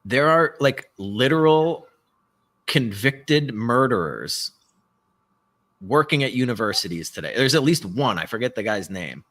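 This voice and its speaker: A man co-hosting a live podcast, talking in a rambling, animated way and swearing often. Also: medium pitch, measured pace. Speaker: podcast co-host. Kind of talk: casual political chat. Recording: live stream call.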